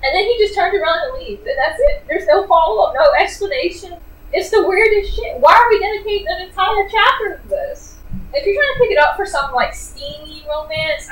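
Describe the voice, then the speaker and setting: In a casual book review, a fairly high-voiced woman sounds animated and sarcastic, dropping plenty of fillers. The roomy space echoes, she sits away from the mic, and faint noise hangs behind her.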